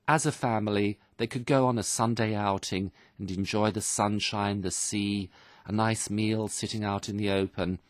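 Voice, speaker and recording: Guy w a lowish voice patiently explaining english phrases like a teacher, dry close sound. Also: no echo. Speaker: English lesson presenter. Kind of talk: radio language lesson explanation.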